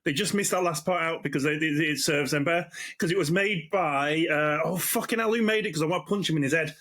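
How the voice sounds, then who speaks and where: A man from Blackpool, hosting a podcast and telling stories in a sweary, animated way. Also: on the high side, fast. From Blackpool, England. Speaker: podcast host. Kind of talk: casual chat.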